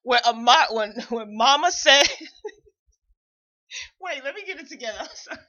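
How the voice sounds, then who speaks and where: A woman's voice: high voice, animated, moderate pace, bright, forceful tone, muffled recording. A woman hosting a casual morning show, retelling reality TV scenes animatedly and laughing often. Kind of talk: casual chat.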